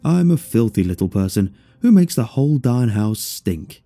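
A man voicing a meek, downtrodden male hand puppet who speaks slowly and sounds resigned. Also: medium pitch, sing-song, warm tone, no room sound, soft background music. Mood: mopey. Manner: slow, mopey, resigned.

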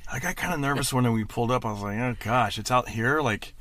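Animated storytelling man in his forties. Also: medium pitch, fast talker, no echo. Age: 40s. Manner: animated storyteller who acts out quotes. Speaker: podcast host and stand-up comedian. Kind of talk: casual chat.

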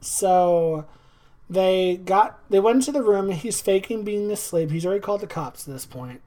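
A woman's voice: mid-range voice, normal speed. A woman casually recapping a horror movie, acting out the characters and laughing often. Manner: animated storytelling, acts out characters, laughs often. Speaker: podcast co-host recapping a movie. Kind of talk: casual chat.

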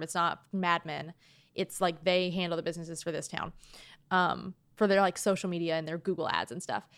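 A woman's voice: fairly low pitch, fairly bright tone, no room sound. A woman co-hosting a podcast in casual chat, talking loosely with many "like"s and some swearing. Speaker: podcast co-host.

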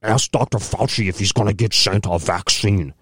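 A man's voice: lowish voice, a little fast, a bit bright, breathy edge, dry recording, studio quality. A man putting on the voice of a bloated, sneering male elitist who talks pompously.

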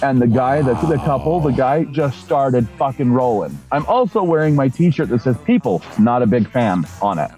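A man casually telling a profane story on a podcast in a deadpan way. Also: medium pitch, moderate pace, hardly any pauses, faint music behind, poor audio. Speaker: podcast co-host.

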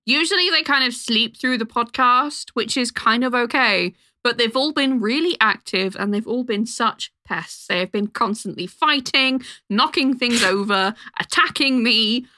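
A woman co-hosting a casual podcast, playful and quick to giggle. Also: on the high side, sharp tone, no room sound. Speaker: podcast co-host.

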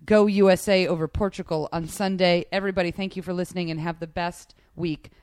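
A woman's voice: lowish voice, fairly even intonation, a little fast, a little mellow, clean tone, dry recording, clean studio sound. A woman hosting a casual sports podcast, chatty and gushing, with lots of fillers. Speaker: podcast host.

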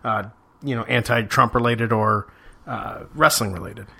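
A man's voice: lowish voice, fairly even intonation, a little slow, gravelly, pushed and bright, slightly rough. A man co-hosting a podcast, chatting casually, rambling with false starts and casual swearing, into a microphone. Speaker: podcast co-host. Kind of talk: casual chat.

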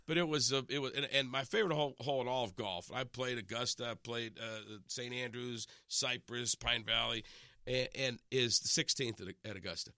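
A man's voice: medium pitch, fairly quick, no room sound. A man, an in-studio radio guest, telling stories in casual chat, with lots of restarts and acted-out quotes. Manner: animated, acts out quotes, many restarts. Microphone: studio microphone.

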